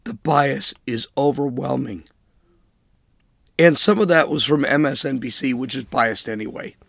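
A man's voice: mid-range voice, unhurried, gravelly, fairly bright tone, no echo, clean studio sound. A man hosting a political commentary show, talking in an emphatic, sarcastic monologue and mocking with air quotes. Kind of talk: opinionated monologue.

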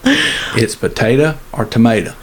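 A man's voice: medium pitch, wildly swooping pitch, breathy edge. A man co-hosting a podcast, teasing and joking in casual banter. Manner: joking, teasing, drawn-out storytelling. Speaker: podcast co-host.

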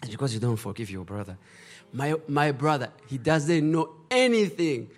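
Middle-aged male pastor, fairly high pitch, very animated delivery, emotional storytelling. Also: a little slow. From Rwanda. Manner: emotional storytelling in broken English. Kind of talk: testimony preaching.

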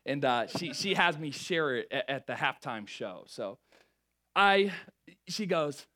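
Young guy pastor preaching, kinda high voice, jokey, keeps restarting his words. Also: slow pace. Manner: lively, joking, with frequent stammered restarts. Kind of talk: sermon.

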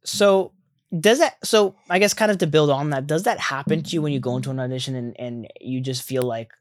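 A man's voice: on the high side, fairly quick, no echo, studio quality. A man hosting an interview, asking long, rambling questions with frequent restarts. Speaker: interview host. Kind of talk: casual interview conversation.

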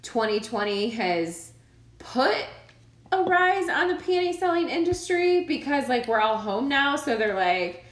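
A woman in her forties co-hosting a podcast in casual chat, animated and laughing often with playful asides. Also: sits high, measured pace. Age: 40s. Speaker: podcast co-host. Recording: echoey room.

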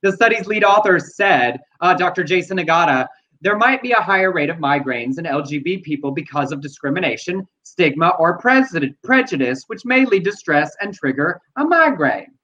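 A man's voice: fairly high pitch, very animated, normal speed, pushed and bright, muffled recording. A man co-hosting a talk show, reading out listener comments and chatting frankly with some swearing. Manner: frank and profane, reads out quotes. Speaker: co-host.

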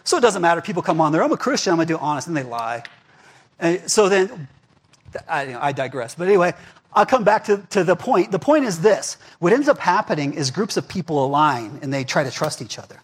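A man's voice: on the high side, sing-song, a little fast, slightly rough. A male pastor preaching a casual, conversational sermon, often checking in with "right?" and "okay?". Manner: chatty, asks the crowd "right?" and "okay?".

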